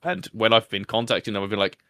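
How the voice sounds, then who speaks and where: Self-deprecating male podcast host, chatty, lowish pitch, very dry close sound. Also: animated, fast talker, a bit bright, dry recording. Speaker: podcast host being interviewed. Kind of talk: casual chat.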